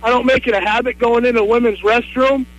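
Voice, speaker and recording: A man calling in to a radio show, telling a story with lots of hesitant pauses. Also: very high-pitched, steady tone, highs cut off. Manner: hesitant, many uhs. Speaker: caller. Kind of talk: phone-in story.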